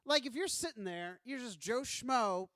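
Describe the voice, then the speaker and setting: A man co-hosts a podcast in loose, joking chat, acting out quoted lines with a high voice that swings widely. The sound is close and dry. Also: lively intonation, moderate pace, pushed and bright, dry recording. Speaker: podcast co-host. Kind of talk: casual chat.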